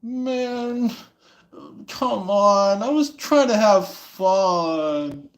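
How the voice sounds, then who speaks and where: A man's voice: extremely high pitch, lively intonation, slow pace, a little mellow, voice pushed up, full character voice. A man voicing a flirty person who keeps whining and begging someone to have fun with them. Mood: sulky. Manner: whiny, wheedling.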